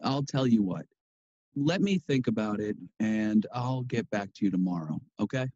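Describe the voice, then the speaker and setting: A man's voice: fairly low pitch, animated, moderate pace, warm tone, lo-fi sound, a little hiss or hum, natural voice. An actor playing a polite but firm male teacher in a textbook listening dialogue. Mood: calm.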